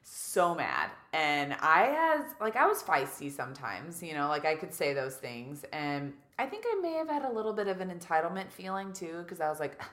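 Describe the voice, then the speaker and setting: A woman in her thirties tells a story in a casual, animated way, acting out what people said and saying "like" a lot. Her voice sits low, and the room around her echoes. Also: moderate pace, hardly any pauses. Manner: animated, acts out quotes, heavy use of "like". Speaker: guest.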